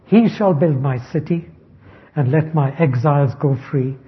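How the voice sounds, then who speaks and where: A man preaching an expository sermon, speaking slowly and deliberately and stressing key words. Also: mid-range voice. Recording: dull lo-fi recording.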